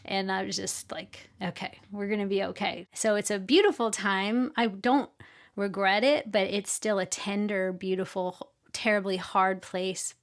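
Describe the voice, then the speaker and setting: A woman's voice: medium pitch, fairly even intonation, measured pace. A middle-aged woman, a podcast guest, telling a personal story with earnest emotion and small laughs.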